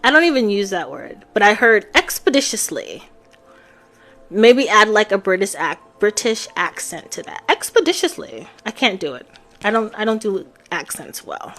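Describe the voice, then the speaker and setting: A woman's voice: mid-range voice, expressive, normal speed, fairly bright tone, soft background music. A woman giving a live-stream tarot reading, chatting casually and talking straight to her viewers. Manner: chatty, addresses viewers directly. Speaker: tarot reader. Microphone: phone on a live stream.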